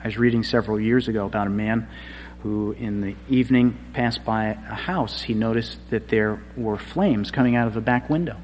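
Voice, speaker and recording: A man preaching a sermon, with a dramatic delivery that swings from hushed passages to loud, emphatic cries. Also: lowish voice. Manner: slow, dramatic delivery swinging from quiet to shouted. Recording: long hall reverb.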